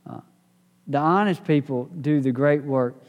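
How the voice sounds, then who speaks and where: A man's voice: on the high side, measured pace, clean tone, phone-quality sound. A man leading a church Bible study in a folksy, conversational way, acting out the people he quotes. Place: church hall. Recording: roomy hall reverb.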